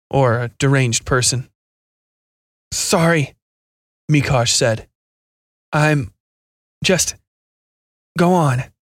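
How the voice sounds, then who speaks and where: Guy reading a scifi horror story, steady, mid pitch, very dry close sound. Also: no echo. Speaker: narrator. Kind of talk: scripted horror fiction narration.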